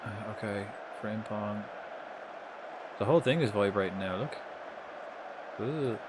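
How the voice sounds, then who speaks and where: A man giving casual, swear-laden commentary while playing a football management game live, reacting loudly to the match. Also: fairly low pitch, expressive, moderate pace, noisy background. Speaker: streamer.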